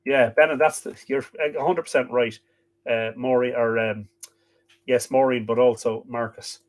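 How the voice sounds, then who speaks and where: A man with an Irish accent hosting a livestream on myths, reading verse slowly and dramatically, then chatting in hesitant asides full of fillers. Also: mid-range voice, fairly even intonation. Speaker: host.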